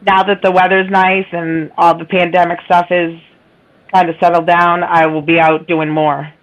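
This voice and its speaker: A woman with a Boston accent and a raspy, nasal voice, rambling in casual chat. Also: fairly low pitch, level tone, normal speed, dull audio. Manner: rambling, self-deprecating, laughs often. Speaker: livestream guest.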